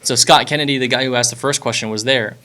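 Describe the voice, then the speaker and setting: A man's voice: mid-range voice, steady tone, fast, pushed and bright. Laid-back rambling man hosting a podcast. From Florida, US. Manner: rambling, laid-back, many fillers and restarts. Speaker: podcast host. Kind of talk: casual podcast chat.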